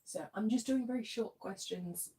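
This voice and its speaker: A woman reading tarot cards on a livestream, soft-spoken and giggly, her voice worn as she loses it. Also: on the high side, normal speed, a little hiss or hum. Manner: soft-spoken, giggly, often drops to a murmur. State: losing her voice. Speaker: tarot reader.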